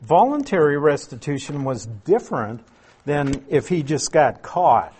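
A man's voice: on the high side, very animated, unhurried, darkish tone, breathy edge. A man preaching a conversational expository sermon, explaining Greek words with asides to the listeners. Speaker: pastor.

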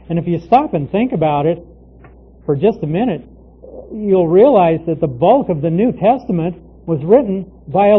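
A man with a slightly high voice works through a scripture passage verse by verse as a Bible teacher. He explains in a measured, unhurried way, pausing often with small fillers. The recording is thin and tinny, like a phone line. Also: husky. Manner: measured, explanatory, with frequent "uh" pauses.

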